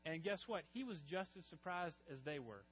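A man's voice: on the high side, sing-song, moderate pace. A man preaching a sermon as pastor, telling stories earnestly and rising in emphasis on key lines. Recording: muffled recording with faint mains hum.

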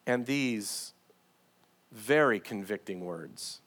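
A male pastor delivers a sermon in a church sanctuary, his pitch rising and falling in a lively, animated way. He moves between forceful, raised passages and hushed, quiet ones while reading scripture aloud. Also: slow pace. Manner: preaching with dramatic swings in loudness, reading scripture aloud.

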